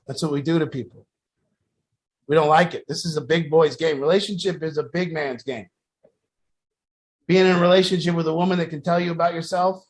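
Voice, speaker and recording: Blunt man leading a group talk. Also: on the high side. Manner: blunt, profane, storytelling with acted quotes.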